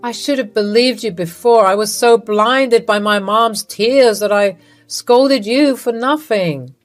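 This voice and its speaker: A woman's voice: a little high, unhurried, faint music behind, pitched above the performer's own voice, lightly acted. A woman voicing an adult husband caught between his wife and his mother, speaking in an exasperated, questioning way. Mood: apologetic.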